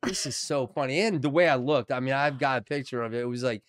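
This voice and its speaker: A man's voice: mid-range voice, fast talker. A middle-aged man, an actor telling a story as a podcast guest in casual conversation, acting out what people said and swearing freely. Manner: animated, acts out quotes with swearing.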